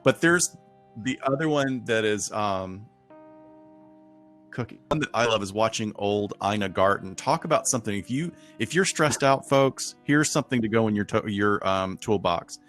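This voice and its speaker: A man co-hosting a podcast livestream in casual chat, talking with quick asides and frequent laughs. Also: on the low side, expressive, a bit bright, faint music behind. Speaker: podcast co-host.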